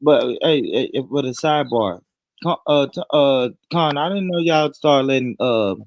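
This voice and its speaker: An American man co-hosting a livestream, loud and teasing, laughing often in casual banter. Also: medium pitch, animated, normal speed, no echo. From United States. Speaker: stream co-host.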